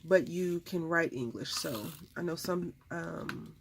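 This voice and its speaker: Gravelly-voiced chatty woman. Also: fairly low pitch, slow pace, a little hiss or hum. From United States. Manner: rambling, chatty storytelling. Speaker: craft channel host. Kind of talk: casual chat while crafting.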